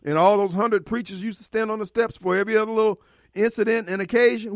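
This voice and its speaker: A man's voice: sits high, fairly even intonation, quick pace, no room sound, studio quality. A man with a Mississippi accent hosting a call-in radio talk show, blunt and preachy, with frequent laughs. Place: radio studio.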